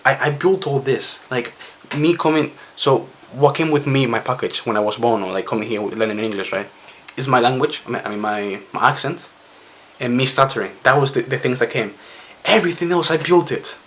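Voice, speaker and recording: A man's voice: medium pitch, a little fast, fairly bright tone. A young man from Spain with a Spanish accent, stuttering and restarting as he talks casually to camera in his vlog. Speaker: vlogger.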